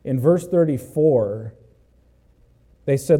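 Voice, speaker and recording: A male pastor preaching a sermon emphatically, swinging between loud exhortation and hushed asides, and calling out "Amen?" to the congregation. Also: high voice, expressive, measured pace, pauses often.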